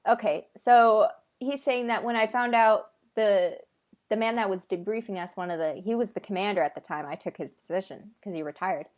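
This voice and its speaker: A woman's voice: medium pitch, normal speed, a little mellow. A woman on a video call who passes on a guest's words in casual chat and often laughs. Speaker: host relaying a channeled guest's words.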